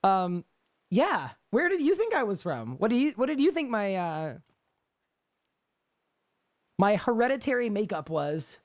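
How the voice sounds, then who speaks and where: A man's voice: sits high, very animated, measured pace, long pauses. A young man with a Canadian accent, chatting casually on a live gaming stream and answering chat questions.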